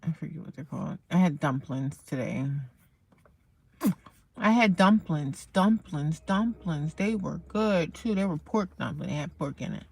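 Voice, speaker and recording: A woman's voice: deep voice, expressive, measured pace, vocal fry, darkish tone, slightly rough. Rambling woman livestreaming from her car. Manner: chatty, repeats herself, calls viewers y'all and honey. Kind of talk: rambling casual livestream chat. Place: inside a parked car in a parking lot. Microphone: phone camera.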